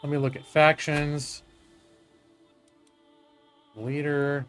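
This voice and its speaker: A man's voice: fairly high pitch, flat delivery, drawn-out words, fairly bright tone, faint music behind. A man casually commenting while he plays a strategy game live, swearing now and then and talking to his chat. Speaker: streamer playing a strategy game.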